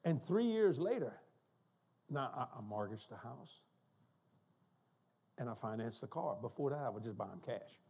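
An older man preaching a storytelling sermon in a church, animated and joking as he goes. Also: medium pitch, moderate pace, long pauses, husky. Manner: animated, joking, laughing asides. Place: church sanctuary.

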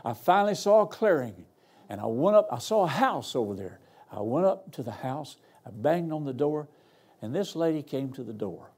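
A man's voice: fairly high pitch, very animated, normal speed, darkish tone, slightly rough. An older man, a guest pastor preaching a sermon in a folksy, humorous, storytelling way. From Arkansas. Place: church.

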